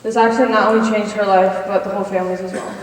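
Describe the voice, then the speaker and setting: A woman's voice: medium pitch, fairly even intonation, racing. A woman in her twenties giving a personal testimony in chapel, earnestly reading from notes and cueing slides. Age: 20s. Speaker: college senior speaker. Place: chapel hall. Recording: echoey hall from far off.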